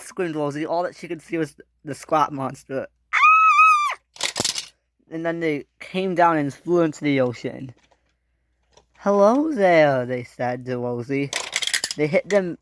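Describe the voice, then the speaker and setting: A young man, likely a boy, narrating an improvised toy train story, excitable, with frequent restarts and loud screams for the characters. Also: on the high side, background noise.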